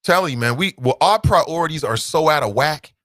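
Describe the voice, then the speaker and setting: A man's voice: fairly high pitch, lively intonation, brisk, fairly bright tone, no room sound. A man hosting his own talk show, ranting bluntly and passionately, swearing at times. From United States. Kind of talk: opinionated solo commentary.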